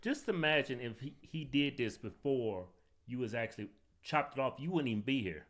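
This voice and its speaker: A man's voice: medium pitch, animated, moderate pace, a bit bright. A man casually commenting on a clip as co-host, blunt and joking, often mocking.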